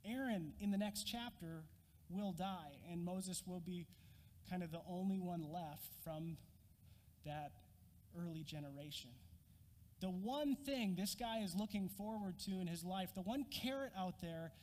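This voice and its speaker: A man preaching a sermon, an animated storyteller who acts out scenes with a prop. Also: sits high, unhurried, big-room sound, a little hiss or hum. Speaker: pastor.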